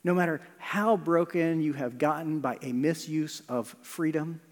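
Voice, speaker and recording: Earnest pastor preaching in a reverberant hall. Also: male voice, fairly high pitch, measured pace. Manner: earnest, shifts from loud emphasis to hushed near-whispers. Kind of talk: sermon.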